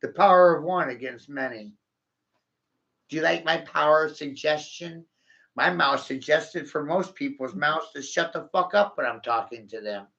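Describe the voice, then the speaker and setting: A man's voice: on the high side, normal speed, vocal fry, bright, forceful tone, muffled recording. A man rambling through a vlog monologue, cursing, taunting his viewers and laughing at his own jokes.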